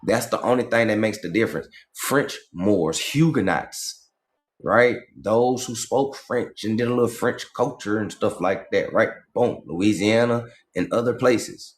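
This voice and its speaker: A man's voice: lowish voice, measured pace. Man lecturing on a livestream. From Georgia, US. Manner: animated, slangy and profane, lecturing. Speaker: livestream host. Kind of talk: casual livestream monologue.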